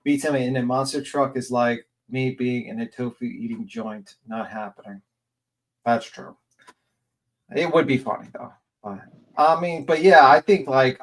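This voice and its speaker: A man's voice: medium pitch, moderate pace, long pauses. A man chatting on a livestream panel, rambling with lots of fillers and swearing. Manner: rambling, profane, filler-heavy. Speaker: panel guest. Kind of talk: casual livestream panel chat.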